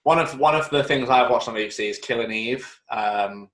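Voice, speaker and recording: A man's voice: mid-range voice, fairly quick, fairly bright tone. A male podcast host in casual chat, giving short, supportive replies. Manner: supportive, brief backchannels. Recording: echoey room.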